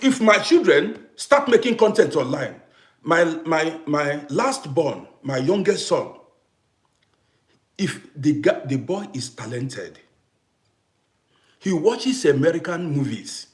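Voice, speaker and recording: Casting: middle-aged man from Africa, live-stream host, high voice that rises and falls a lot as he stresses each point. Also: roomy sound. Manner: animated, emphatic, repeats himself, greets viewers by name. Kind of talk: casual live-stream talk to viewers. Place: home in Vienna.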